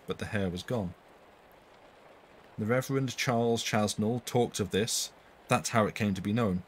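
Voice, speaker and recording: A man with a low, unhurried voice reads a spooky tale aloud for a live stream audience. He restarts a phrase now and then to fix a slip. A faint hum of ambience sits behind him. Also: rough recording. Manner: reads quoted speech in a raised voice, corrects his own slips. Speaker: narrator reading a story aloud. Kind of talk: live-streamed story reading.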